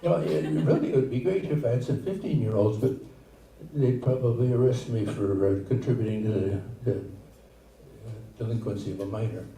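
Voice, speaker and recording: An older man doing a stand-up set, with a halting, rambling delivery full of restarts. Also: lowish voice, dark tone. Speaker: stand-up comedian. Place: comedy theater stage, live audience. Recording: echoey room, far from mic, noisy.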